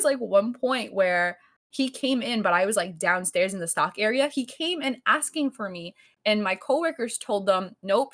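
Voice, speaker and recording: A young woman co-hosting a podcast, telling a story in casual chat, full of fillers and cursing, acting out quoted lines loudly. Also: mid-range voice. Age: young adult. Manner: animated storytelling, heavy filler "like", frequent cursing; acts out quoted lines in raised louder voice. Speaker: podcast co-host.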